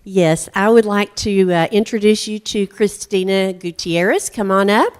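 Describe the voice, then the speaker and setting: A woman's voice: mid-range voice, measured pace, clear, resonant tone. A woman school administrator speaking at a board meeting, praising a teacher with frequent ums. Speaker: school administrator presenting awards. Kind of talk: public speech at a board meeting.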